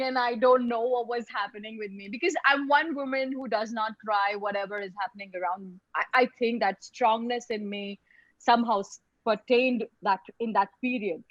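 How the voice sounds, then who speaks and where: Woman, fairly high voice, halting personal story, dull lo-fi call audio. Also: a bit bright, no echo. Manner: halting, repeats words and restarts. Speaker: speaker telling her own story. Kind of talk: personal story in a web lecture.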